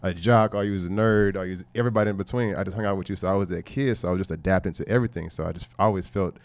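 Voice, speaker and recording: A man, a podcast guest telling his story in animated, casual chat with quick asides. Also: low-pitched. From Port Arthur, Texas, USA. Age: 30s. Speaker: podcast guest, fitness entrepreneur.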